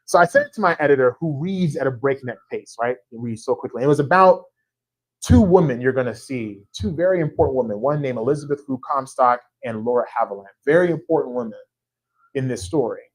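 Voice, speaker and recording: An author, a man, holds a church audience with an animated, anecdote-filled account of his writing life. His voice sits at an ordinary middle pitch and keeps returning to quick asides asking the room to agree. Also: poor audio. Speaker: author discussing his book. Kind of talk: storytelling conversation before a live audience. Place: church event space.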